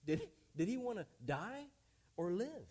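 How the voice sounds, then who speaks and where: A man with a notably high voice delivers a sermon from the pulpit. He speaks emphatically to his congregation, calling them friends and church. He keeps turning points into rhetorical questions. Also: big pitch swings, a little slow, a little mellow. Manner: addresses listeners as friends and church. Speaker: pastor.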